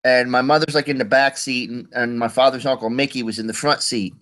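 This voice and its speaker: A man chats casually and tells a rambling, laid-back story. His voice sits at an everyday middle pitch. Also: fairly even intonation, brisk, a bit bright, poor audio. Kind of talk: casual chat.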